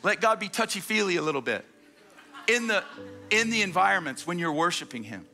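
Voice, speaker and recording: Guy preaching, bright punchy voice, keeps restarting words as he gets going, faint music under it. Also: high-pitched. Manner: energetic storytelling, quick repeated restarts. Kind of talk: sermon. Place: church stage before a congregation.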